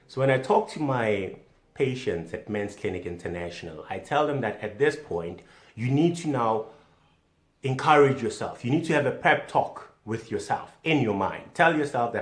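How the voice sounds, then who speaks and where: A man delivering a mock instructional comedy monologue as a self-styled doctor, theatrical and swinging between loud emphasis and hushed whispers. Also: medium pitch, expressive, normal speed. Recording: echoey room.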